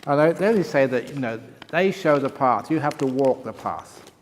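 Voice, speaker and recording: Joking older monk in a reverberant hall. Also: male voice, mid-range voice, expressive, normal speed, a little hiss or hum. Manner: jokey, laughs at his own jokes, reads out written questions. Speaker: Buddhist monk answering retreat questions. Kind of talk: humorous Q&A talk. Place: meditation retreat hall.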